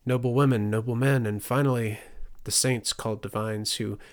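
Male audiobook narrator, mid-pitched and measured. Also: fairly even intonation. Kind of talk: scripted narration.

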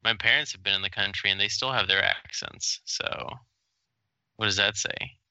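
A man's voice: on the low side, fairly even intonation, moderate pace, pushed and bright, smooth, no echo, rough recording. A man who moved to the country as an adult, co-hosting a casual podcast in a laid-back, hesitant way. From abroad, moved to the US. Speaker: podcast co-host. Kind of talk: casual chat.

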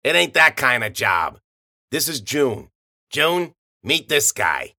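A man doing a gruff, dismissive fixer. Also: mid-range voice, big pitch swings, takes it slowly, bright, forceful tone, no room sound, studio quality, exaggerated voice. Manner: blunt, dismissive. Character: grumpy, gruff male fixer, blunt and dismissive.

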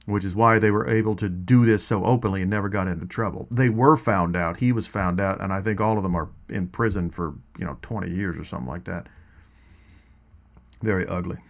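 A man's voice: deep voice, fairly quick, vocal fry. A man telling personal hiking stories in a casual, rambling way, full of asides and restarts. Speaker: storyteller. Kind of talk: casual spoken storytelling.

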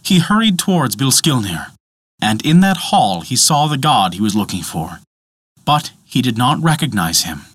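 A man's voice: mid-range voice, big pitch swings, normal speed, fairly bright tone, breathy edge, no echo, studio quality. A man narrating a myth as storyteller in a theatrical scripted style.

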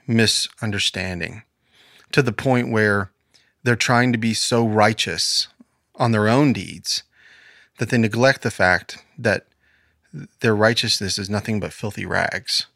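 A podcast co-host with a lowish, fairly bright voice talks earnestly on a casual faith show, quoting scripture in a preacherly style. He's recorded dry in a podcast studio, and the sound is clean.

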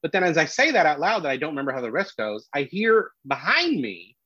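A man, a comedian, telling a story in casual podcast chat, animated and full of restarts. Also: fairly high pitch, a little fast, no room sound. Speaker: comedian guest. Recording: dull lo-fi dry sound.

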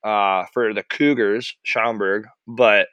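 A young man telling an animated, profane story about his hockey days in casual chat. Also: on the low side, slow, no room sound, dull audio. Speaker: podcast host, former hockey goalie.

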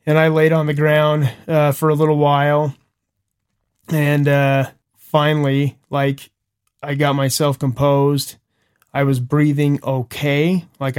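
A young man co-hosting a podcast, telling a personal story in casual chat, earnest and animated with chuckles and restarts. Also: a little high, measured pace, clear, resonant tone. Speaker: podcast co-host.

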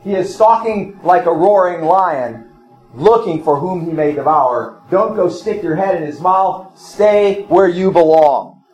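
A man's voice: high voice, animated, measured pace, darkish tone, faint music behind, rough recording. A middle-aged male pastor preaching a sermon, repeating phrases and telling personal stories.

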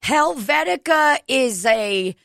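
A woman's voice: high-pitched, animated, slow, creaky, a bit bright, dry recording, studio quality. A woman in casual chat, rambling and joking crudely, laughing often.

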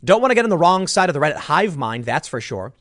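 A man's voice: on the high side, big pitch swings, fast talker, fairly bright tone, no room sound, studio quality. A man giving an opinionated political commentary monologue, combative and sarcastic, restarting his sentences as he argues.

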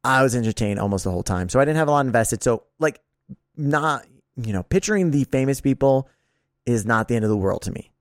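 A man co-hosting a podcast, chatting loosely with a mid-pitched voice. He rambles and restarts his sentences, laughs easily, and lets a swear slip. The sound is dry and close, with no room echo. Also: expressive, brisk. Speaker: podcast co-host. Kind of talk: casual chat.

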